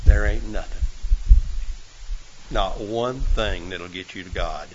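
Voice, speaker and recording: A man preaching a sermon, folksy and full of rhetorical questions, swinging from loud to hushed. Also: fairly low pitch, slow pace, dull audio, noisy background.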